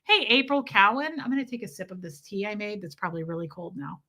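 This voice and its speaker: A woman hosts a casual livestream, answering her viewers' comments one after another. Her voice is bright and forward, and her joking is brash and crude. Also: mid-range voice, lively intonation, fast. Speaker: livestream host.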